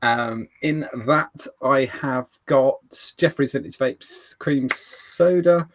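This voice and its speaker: A man's voice: mid-range voice, slow pace. A British man co-hosting a live show, laid-back and casual, swearing and stumbling over names. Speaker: co-host.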